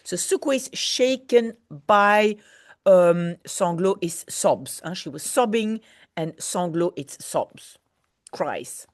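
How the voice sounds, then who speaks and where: A woman's voice: lowish voice, lively intonation, slow pace, no room sound, studio quality. A woman teaching a book-club lesson, reading a novel and translating it phrase by phrase, explaining words and correcting herself.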